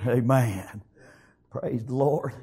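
A man preaching a sermon, rising to shouts and dropping to quiet, punctuating with "amen". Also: takes it slowly, breathy edge. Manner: swings from shouted high peaks to low quiet passages, frequent "amen".

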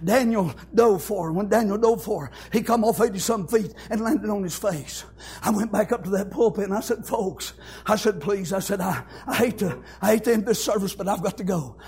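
A man's voice: high-pitched, fairly quick, a little mellow, breathy edge. A middle-aged man, preaching a sermon and telling stories, punctuating his talk with "amen" and "thank God". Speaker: pastor. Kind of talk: sermon with storytelling.

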